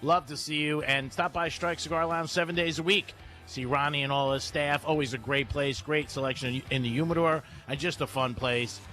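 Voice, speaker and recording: A man's voice: a little high, steady tone, a little fast, sharp tone, faint music behind. A man hosting a live radio show from a cigar lounge, rambling through stories and laughing often. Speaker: radio host. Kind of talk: casual radio chat.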